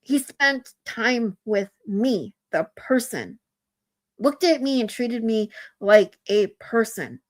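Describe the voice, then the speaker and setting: A woman streamer talking to her chat in a casual live stream, earnest and heartfelt, often halting and restarting her sentences. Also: fairly high pitch, lively intonation.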